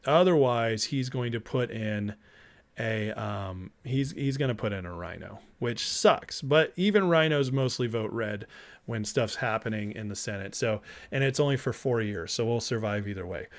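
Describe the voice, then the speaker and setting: Man, livestream host, casual chat, excitable, emotional, reads chat aloud, mid pitch.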